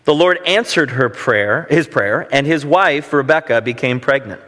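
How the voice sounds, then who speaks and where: A man's voice: mid-range voice, normal speed, a bit bright. A man preaching a sermon, mixing scripture reading with casual, self-deprecating stories. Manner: conversational, self-deprecating humor. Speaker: pastor. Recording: long hall reverb.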